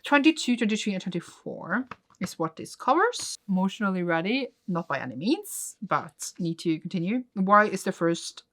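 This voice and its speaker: A woman casually reacting to the manga she is reading in a vlog, swinging from soft muttered recaps to squealing, gasping outbursts. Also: medium pitch, sing-song, moderate pace.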